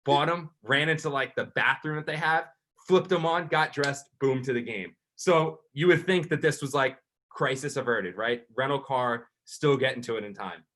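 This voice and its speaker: A man co-hosting a sports podcast, telling a long story in an animated, rambling way, with lots of "like". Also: medium pitch, normal speed. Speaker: podcast co-host and sports reporter. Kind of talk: casual chat, storytelling.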